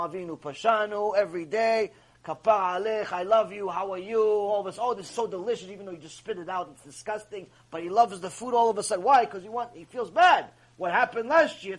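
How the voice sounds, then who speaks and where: A man teaches a Torah class in a high, husky voice. He tells stories in a lively way and acts out each person in them. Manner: animated, acts out the people in his stories. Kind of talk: Torah lecture with storytelling.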